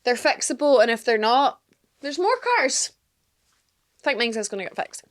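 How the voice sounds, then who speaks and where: Laughing young woman, high voice. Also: big pitch swings, moderate pace. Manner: laughs often while telling a story. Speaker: podcast co-host. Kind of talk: casual chat.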